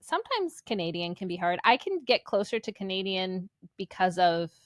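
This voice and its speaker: A woman's voice: medium pitch, very animated, moderate pace, no room sound, clean studio sound. Agreeable Midwestern woman co-host. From American Midwest. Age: 40s. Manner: warm agreeing, frequent "yeah" and "mm-hmm". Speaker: podcast co-host. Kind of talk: casual chat.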